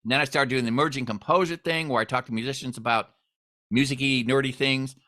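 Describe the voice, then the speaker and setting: Bright-voiced man hosting a podcast. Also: medium pitch, quick pace. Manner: storytelling, animated when quoting others. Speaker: podcast host. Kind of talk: casual interview chat.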